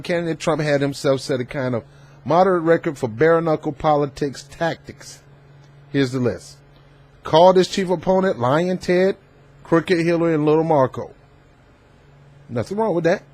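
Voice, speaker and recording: Emphatic man in a commentary vlog. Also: fairly high pitch. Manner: emphatic, animated, preachy. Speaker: host.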